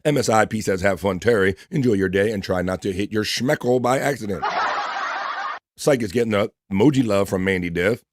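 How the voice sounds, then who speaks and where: This is a man with a lowish voice hosting a laid-back livestream. He reads chat messages out one after another and throws in quick greetings and crude asides. The sound is dry and close, with no room around it. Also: no room sound. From East Coast of the United States. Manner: reads viewer messages aloud with running shout-outs, loose and profane. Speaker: livestream host reading chat.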